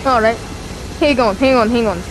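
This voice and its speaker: A woman's voice: a little high, moderate pace, noisy background. A woman teasing strangers in a casual online game voice chat, speaking through a headset. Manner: playful, teasing.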